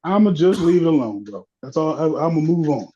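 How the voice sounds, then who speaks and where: A man's voice: fairly high pitch, very animated, a little fast, mellow, breathy edge, dull audio. A man co-hosting a podcast who sounds defensive and hesitant in a heated casual debate, repeating words as he searches for them. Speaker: podcast co-host.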